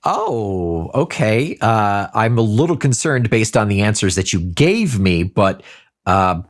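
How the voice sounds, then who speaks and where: A man's voice: fairly low pitch, animated, takes it slowly. Bemused male podcast co-host. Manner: bemused, hesitant, filler-heavy. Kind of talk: casual podcast chat.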